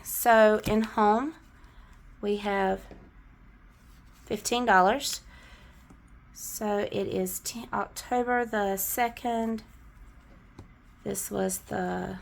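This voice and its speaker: A woman's voice: on the high side, vocal fry, slight background noise. A middle-aged woman with a Southern US accent, chatting casually to camera as she counts out cash, with a cough now and then. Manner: chatty, counts bills aloud. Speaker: budgeting vlogger.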